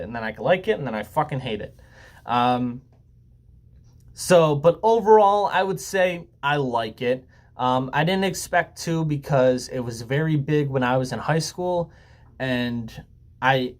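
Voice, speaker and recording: A young man in a relaxed, unedited talk to camera, drifting between jokes and apologies. His pitch sits in an ordinary middle range. He fills the gaps with ums and lets the odd swear word slip. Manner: rambling and joking with frequent ums and swearing. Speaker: YouTuber. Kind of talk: casual laid-back talk to camera.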